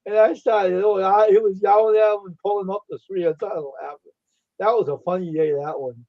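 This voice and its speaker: A man with a high, gravelly voice talks a little fast while hosting a casual livestream over dull lo-fi stream audio. He's animated, telling a story full of laughter and acted-out quotes, and mentions that he's tired.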